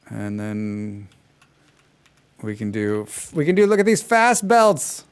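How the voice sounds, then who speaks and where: A man's voice: on the high side, expressive, takes it slowly, smooth. A man livestreaming himself playing a game, chatting casually and making sarcastic, joking asides. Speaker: game streamer. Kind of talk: casual chat during a gameplay livestream.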